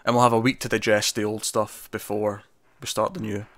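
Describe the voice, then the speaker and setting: A man's voice: on the low side, little pitch movement, a little fast, a bit bright, no echo. A Scottish man co-hosting a TV review show, chatting casually and rambling, laughing often.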